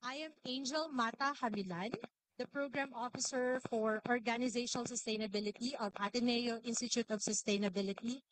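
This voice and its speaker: A woman's voice: on the high side, fairly even intonation, fairly quick. A woman hosting an event in a hall, giving announcements with some hesitation. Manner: hesitant, with fillers and repeats. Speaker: event host.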